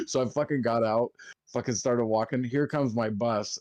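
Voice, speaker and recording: A man's voice: mid-range voice, a little fast, a little mellow, no echo. A young man telling rambling stories in casual podcast chat, swearing constantly and acting out what others said. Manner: rambling, heavy swearing, acts out quotes. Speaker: podcast co-host.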